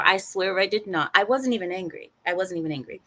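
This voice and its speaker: A young adult woman recounts a personal story straight to her audience in a lively storytime monologue. Her pitch sits in the middle, and she slips into quoted voices whenever the other people speak. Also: fast talker. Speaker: vlogger telling a personal story.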